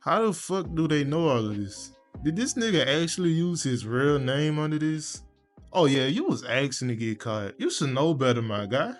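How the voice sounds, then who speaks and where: A man's voice: fairly high pitch, animated, normal speed, over music. Sarcastic, profane young male reviewer. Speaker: movie reviewer. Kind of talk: casual video commentary.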